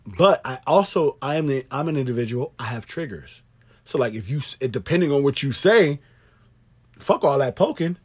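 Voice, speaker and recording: A husky-voiced man in casual podcast chat whose pitch swings up and down as he talks. He is laid-back but emphatic, swears freely and repeats words for punch. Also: lively intonation, normal speed, darkish tone. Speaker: podcast co-host.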